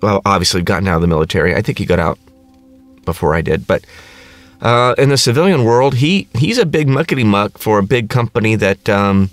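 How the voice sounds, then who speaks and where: A man's voice: fairly low pitch, no room sound. A middle-aged man hosting his own podcast, ranting casually in a crass, sarcastic, rambling way. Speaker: podcast host. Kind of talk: casual comedic rant.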